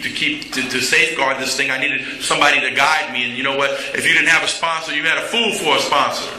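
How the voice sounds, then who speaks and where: A man's voice: mid-range voice, sharp tone, a little hiss or hum. Candid man speaking in an echoey hall. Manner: candid, plainspoken storytelling with humor. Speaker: recovery meeting speaker. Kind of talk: personal recovery talk.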